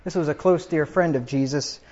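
A man's voice: fairly high pitch, a little fast, dark tone, dull audio. A man preaching a funeral sermon, reading scripture aloud with rising emphasis.

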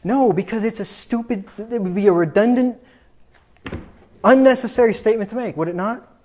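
A man with a high voice preaches a combative sermon and mocks his opponents with sarcasm. He builds to loud, emphatic points. The recording sounds slightly dull and lo-fi. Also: brisk. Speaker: pastor.

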